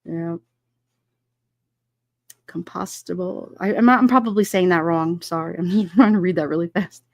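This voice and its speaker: This middle-aged woman talks fast in a lowish voice while hosting a laid-back livestream, rambling through fillers, laughing frequently and reading out what viewers write. It's studio quality, with no room sound.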